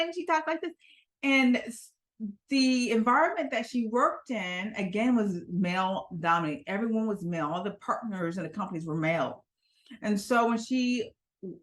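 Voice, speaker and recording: An American woman coaches listeners on how to speak with confidence, in a voice of medium pitch. She talks emphatically and keeps checking in with her audience as she makes each point. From United States. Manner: emphatic, checks in with frequent "okay?". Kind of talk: motivational coaching talk.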